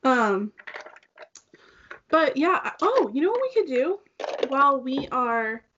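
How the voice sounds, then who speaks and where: A woman's voice: high-pitched, big pitch swings, slow pace, a bit bright, a little hiss or hum. A young woman co-hosting a casual makeup chat, talking loosely with lots of "like" fillers, on a dull lo-fi recording. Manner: chatty, fillers of "like" throughout. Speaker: co-host.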